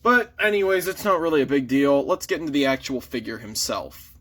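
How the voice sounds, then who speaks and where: A man's voice: mid-range voice, lively intonation, brisk, fairly bright tone. A man casually reviewing a toy figure in an easygoing, mild way, shrugging off small flaws. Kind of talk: casual chat.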